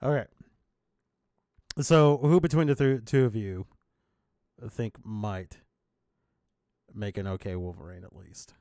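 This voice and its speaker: A man's voice: fairly low pitch, fairly even intonation, slow pace, pauses often, warm tone, no room sound, clean studio sound. A man hosting a casual chat with friends, blunt and teasing, swearing freely. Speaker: podcast host.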